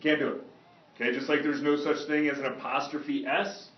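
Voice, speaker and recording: In a lively Spanish grammar lesson, a male teacher with a fairly high voice speaks at normal speed and keeps checking that his class understands. The sound is dull and echoey, captured far from the mic in the classroom.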